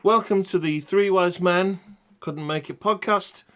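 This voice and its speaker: A man's voice: high-pitched, a little slow, a bit bright. A man hosting a crude comedy podcast, teasing his co-hosts in a mock-dramatic, sweary way. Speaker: podcast host.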